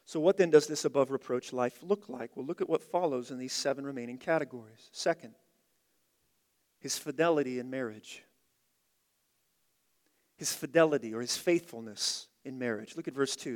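A man's voice: medium pitch, moderate pace. Emphatic male preacher in reverberant hall. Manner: emphatic, repeats key phrases, swings from loud to quiet. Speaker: pastor. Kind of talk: expository sermon.

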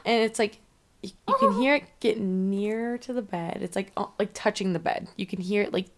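Woman, podcast co-host, casual chat, animated recap, swearing, filler "like". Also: mid-range voice, brisk. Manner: animated horror-movie recap, swears, lots of "like".

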